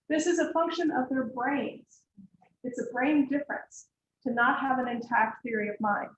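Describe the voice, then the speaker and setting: A woman's voice: high-pitched, normal speed. Woman lecturer in an echoey room. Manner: explanatory, uses acted examples, direct. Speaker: lecturer on counseling and autism. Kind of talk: lecture to students. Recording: echoey room, faint background hiss.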